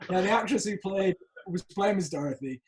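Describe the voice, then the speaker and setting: A man's voice: sits high, background noise. A man hosting a casual podcast chat, telling theatre stories animatedly and laughing often. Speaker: podcast host.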